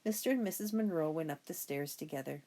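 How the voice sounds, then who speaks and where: A woman's voice: sits low, quick pace, warm tone. A woman reading a children's storybook aloud, narrating expressively. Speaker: reader.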